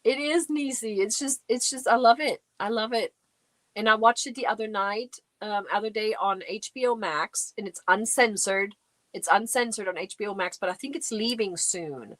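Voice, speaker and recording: This is a middle-aged woman at a moderate pace in a mid-range voice, free of echo. She hosts an informal livestream from a home craft room, chatting along while reading and replying to viewer comments.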